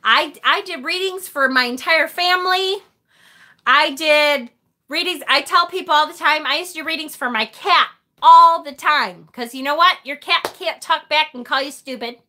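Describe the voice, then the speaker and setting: A woman's voice: high-pitched, moderate pace, sharp tone. A woman hosting a live tarot stream, talking casually and animatedly with the occasional mild swear.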